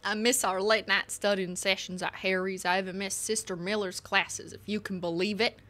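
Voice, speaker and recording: A homesick young woman with a Texan accent reads out her letter , as a streamer puts her on. The voice stays bright and gentle. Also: medium pitch, fairly even intonation, normal speed, natural voice. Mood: wistful. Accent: put-on Texan. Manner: reading a letter aloud.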